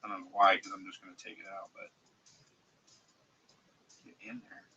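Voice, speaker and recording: A man with a cold streaming live, speaking congested and halting, with many fillers and restarts as he shows model parts to chat. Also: deep voice, completely flat delivery, vocal fry, sharp tone, husky, low-quality recording. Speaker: streamer showing 3D-printed model car parts. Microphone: desk mic, close.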